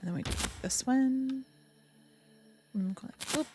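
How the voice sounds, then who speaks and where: A woman's voice: sits high, unhurried, background noise. Young woman cooing over her game. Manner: cooing and doting, with giggles and sudden gasps. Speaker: streamer playing a game. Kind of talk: casual live-stream commentary.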